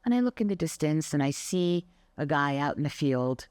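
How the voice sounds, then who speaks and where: A woman's voice: sits low, moderate pace, clear, resonant tone, no room sound, studio quality. An older woman who teaches Pilates, giving an emphatic motivational monologue and acting out her anecdotes. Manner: emphatic and expressive, acts out anecdotes. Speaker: Pilates instructor.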